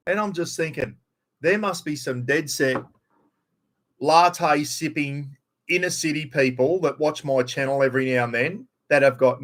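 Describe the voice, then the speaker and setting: A middle-aged man with a broad North Queensland Australian accent, rambling bluntly and swearing freely during a casual live stream chat. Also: a little high.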